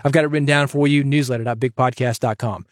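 A man hosting a podcast, giving advice in an energetic, chatty way that jokes with the listener. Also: mid-range voice, fast, dry recording, clean studio sound. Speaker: podcast host and coach.

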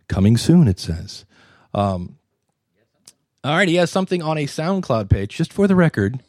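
A man's voice: a little high, dry recording, clean studio sound. A man hosting a live conference session, critiquing podcasts in front of an audience with jokes and asides. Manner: animated, joking and wisecracking. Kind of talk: live panel commentary.

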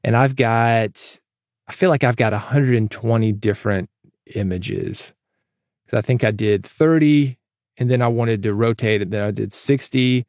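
Recording in a foam-lined closet studio on a studio mic, this podcast host speaks in a gravelly, somewhat mellow voice on the low side. His casual solo monologue is varied and emphatic, with no echo.

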